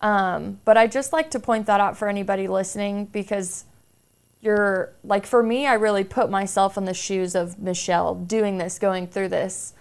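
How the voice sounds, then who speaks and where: A woman's voice: medium pitch, fairly even intonation, moderate pace, vocal fry, smooth. A woman hosting a podcast, asking a guest questions in a casual, chatty way, often saying "like". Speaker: podcast host. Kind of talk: casual interview chat.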